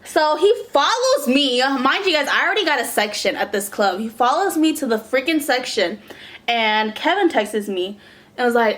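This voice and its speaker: A young woman vlogger telling a storytime in a casual, animated way, swearing and saying "like" a lot. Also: fairly high pitch, normal speed.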